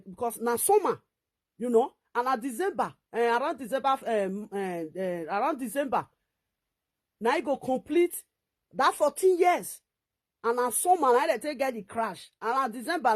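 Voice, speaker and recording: Nigerian Pidgin woman vlogger, high voice, animated storytelling, restarts often. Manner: animated, rising to near-shouts when quoting others; many fillers and restarts, recounting a dispute. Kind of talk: casual storytelling monologue.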